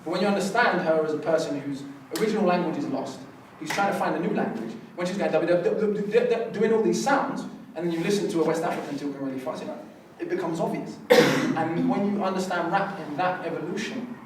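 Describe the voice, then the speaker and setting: A man, a rapper on a festival press panel, talking passionately and lecturing, sometimes acting out voices and rhythms. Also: a little high. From United Kingdom. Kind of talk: passionate press conference talk. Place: conference room. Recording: echoey room, mic far off, faint noise.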